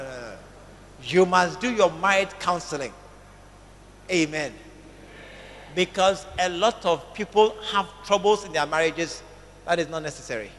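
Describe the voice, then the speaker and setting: A man's voice: a little high, a bit bright, a little hiss or hum. A man, preaching a sermon as pastor, emphatic, repeating his phrases and calling for amens. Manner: emphatic, repeats phrases, calls for "amen" and "tell somebody". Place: large church hall. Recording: long church-hall reverb.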